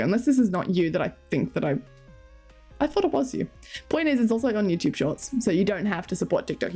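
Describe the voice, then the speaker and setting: Woman streamer rambling to chat, high bouncy voice, giggly. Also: darkish tone. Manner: chatty and giggly, reading chat and talking to her cats. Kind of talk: casual live-stream chat.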